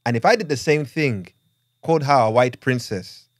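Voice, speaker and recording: A man reading out a letter as a white English husband seeking advice, in a put-on Ugandan accent, slow and measured. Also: medium pitch, dry recording, clean studio sound, close to an everyday voice. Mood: troubled. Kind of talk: reading a listener letter aloud.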